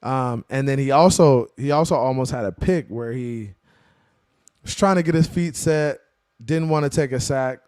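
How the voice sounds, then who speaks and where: Excitable man hosting a sports live stream. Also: mid-range voice, moderate pace, smooth, no room sound, clean studio sound. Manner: slangy, animated, calls viewers "bro" and "man". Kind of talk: casual post-game sports talk, reading viewer chat.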